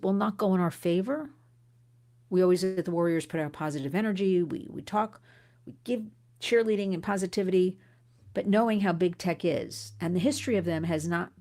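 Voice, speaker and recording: Middle-aged woman, low-pitched, hosting an advocacy livestream; urgent, earnest, often restarts mid-sentence. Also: a little mellow. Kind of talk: impassioned livestream address to viewers.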